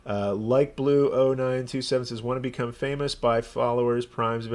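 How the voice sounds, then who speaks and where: A man's voice: mid-range voice, fairly even intonation, normal speed, darkish tone. A man from Texas with a Texan accent, a rabbi chatting casually and rambling on a live stream. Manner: rambling, chatty, self-deprecating.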